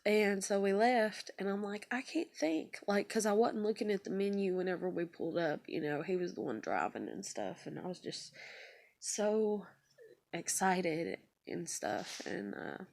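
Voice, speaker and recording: Woman, 30s; raspy and fried, close and dry; tearful, confessional vlog storytelling. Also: mid-range voice, animated, measured pace, a little mellow, dry recording. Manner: rambling, confessional, emotional. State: tearful, voice breaking. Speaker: vlogger.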